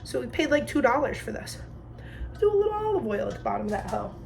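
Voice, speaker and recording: A young woman in her twenties from New Jersey chats away in her kitchen while she cooks. She tells her stories in loose slang, and her voice sits a little high. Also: fast, gravelly, a little hiss or hum. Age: 20s. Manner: chatty, slangy, animated retelling. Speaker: vlogger. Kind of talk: casual storytelling while cooking. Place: home kitchen.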